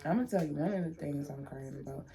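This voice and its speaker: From her room, a young vlogger speaks emotionally and casually to the camera, repeating herself as she goes. She talks fast in a low, warm voice.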